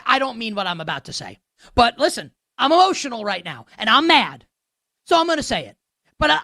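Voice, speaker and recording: A woman's voice: high-pitched, bright, forceful tone, no room sound, clean studio sound. A woman hosting a sports show, ranting with heated sarcasm.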